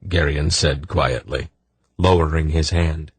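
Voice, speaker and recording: A man reading a fantasy novel aloud as an audiobook narrator, measured and gentle. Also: very deep voice, fairly even intonation, breathy edge, no room sound. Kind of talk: scripted narration.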